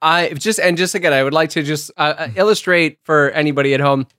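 A man's voice: a little high, fast talker, bright, forceful tone, clear, resonant tone, dry recording, clean studio sound. A young adult man co-hosting a podcast, joking around and a little tipsy from champagne. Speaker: podcast co-host. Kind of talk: casual comedic chat.

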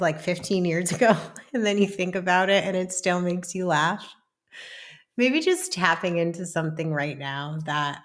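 This is a woman hosting her own wellness podcast, chatting casually and brightly about her day. Her voice sits a little low for a woman. When she leads a breathing exercise she turns calm and soothing. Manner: upbeat, gushing, soothing when guiding. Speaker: podcast host.

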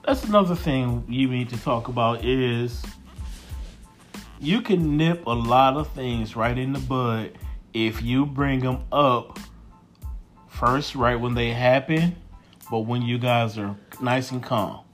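Male co-host, easygoing and jokey, unhurried delivery, faint music bed. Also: mid-range voice. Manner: laid-back, joking, drawn-out delivery. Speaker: podcast co-host, husband. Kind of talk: casual marriage chat.

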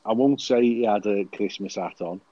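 A man's voice: on the low side, moderate pace, dark tone, dull audio. A man co-hosting a casual podcast, telling stories in a sweary, jokey way. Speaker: podcast co-host.

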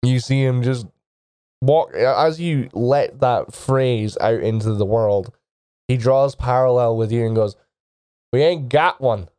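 A man narrating a tabletop game as game master, in a halting way with frequent restarts. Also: medium pitch, dark tone, smooth, no echo, studio quality. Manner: halting, with many restarts and laughs.

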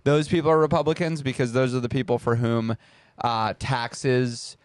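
A man's voice: medium pitch, level tone, moderate pace, dry recording, clean studio sound. A man in his thirties from Manhattan, co-hosting a casual comedy podcast, rambling and laughing through his own jokes. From Manhattan, New York. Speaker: podcast co-host.

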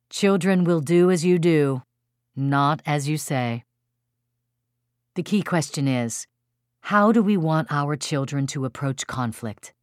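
A woman's voice: low-pitched, no echo. A woman reading her own parenting book aloud, narrating expressively with dry humor. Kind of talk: audiobook narration.

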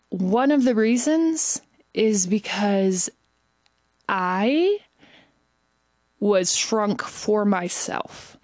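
Young adult woman, vlog storytime, reflective and unhurried, dead room. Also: mid-range voice, no echo, clean studio sound. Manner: candid and reflective, drifting into hushed whispers. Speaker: vlogger. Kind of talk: personal storytime monologue.

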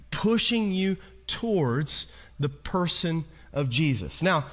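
Pastor guy with a high voice preaching, jokey, keeps asking the crowd questions. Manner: animated preaching with rhetorical questions and humor. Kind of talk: sermon.

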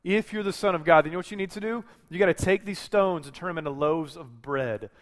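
A man's voice: on the high side, fast talker, close to an everyday voice. A man voicing Satan as a sly, taunting male tempter in a sermon, goading with mock challenges. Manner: mocking, goading.

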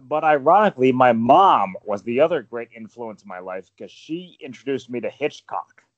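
A man in his forties hosting a casual panel chat, telling stories in an animated way with lots of fillers. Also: mid-range voice, normal speed, no room sound, dull audio. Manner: animated, storytelling, frequent fillers. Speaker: podcast panel host.

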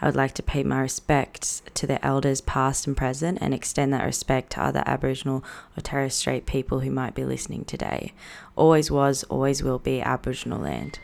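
A woman's voice: very deep voice, level tone, fairly quick, creaky. A young Australian woman in her twenties hosting a solo podcast, ranting bluntly and sarcastically with plenty of swearing. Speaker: podcast host.

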